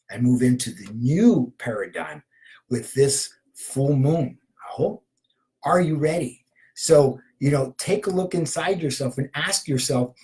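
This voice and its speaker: A man's voice: fairly high pitch, poor audio. Passionate middle-aged man giving a spiritual talk. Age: 50s. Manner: repeats probing questions, punctuates with "aho"; drops into soft whispers at times. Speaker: shamanic healer.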